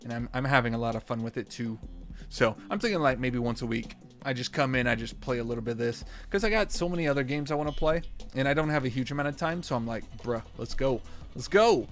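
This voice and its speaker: A man streaming a game, rambling with lots of fillers and restarts, then bursting into shouts and laughs. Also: medium pitch, quick pace, faint music behind. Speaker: gaming streamer. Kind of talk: live gameplay commentary.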